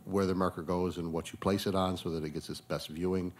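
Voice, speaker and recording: Very deep-voiced city staffer. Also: male voice, steady tone, fast. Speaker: city staff member advising a board. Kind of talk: public meeting remarks. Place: city hall meeting chamber.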